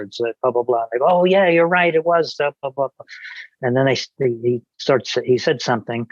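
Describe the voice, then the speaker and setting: A man's voice: mid-range voice, no room sound, highs cut off. Rambling man telling a story. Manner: rambling, with frequent restarts and quoted dialogue. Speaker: podcast guest, author. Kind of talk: casual conversational storytelling.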